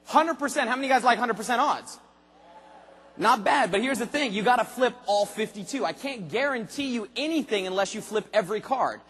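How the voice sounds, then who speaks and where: Man, motivational speaker, very high voice, husky tone, lively speech to a big arena crowd. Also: a little fast, in a large hall. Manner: animated, acts out quoted voices, rhetorical questions to the crowd. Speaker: motivational speaker at a sales convention. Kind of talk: energetic motivational speech to a large audience. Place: large arena convention hall.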